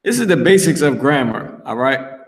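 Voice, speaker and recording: A man's voice: mid-range voice, very animated, normal speed. A man reading scripture aloud and commenting on it in a brash, profane, mocking way, teaching an online class. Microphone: streamed voice chat.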